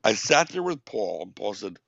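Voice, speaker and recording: A man, a wrestling promoter and interview guest, telling lively, salty stories. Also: on the low side, moderate pace, gravelly, dry recording, muffled recording. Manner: animated storyteller, swears.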